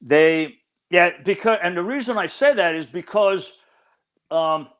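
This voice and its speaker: A man's voice: high voice, animated, a little slow, fairly bright tone, clear, resonant tone. An older man answering as an interview guest, earnest and explanatory with a slightly academic manner, over remote call audio. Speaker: guest expert.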